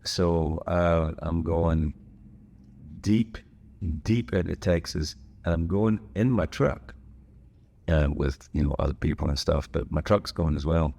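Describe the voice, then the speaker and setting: A man's voice: low-pitched, a little slow, gravelly, dark tone. A man hosting a podcast, talking on his own in a casual, rambling way full of wry asides and digressions. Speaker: podcast host. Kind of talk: casual solo chat.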